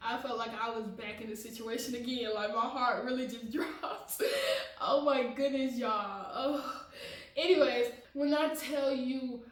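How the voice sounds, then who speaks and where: A woman's voice: on the high side, reverberant, recorded from a distance, low-quality recording. A woman vlogger telling a personal story in a casual, dramatic way, often laughing and talking straight to her viewers.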